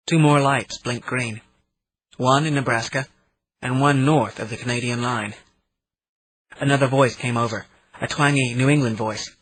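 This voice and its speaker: A man narrating an audiobook in the first person, in a steady reading manner. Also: medium pitch, slight background noise, poor audio. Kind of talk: scripted narration.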